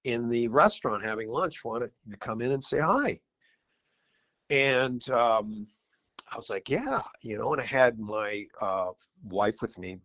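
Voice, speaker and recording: A middle-aged man, a rock guitarist guesting on a podcast, telling animated anecdotes and acting out quotes. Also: mid-range voice, unhurried. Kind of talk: casual storytelling interview.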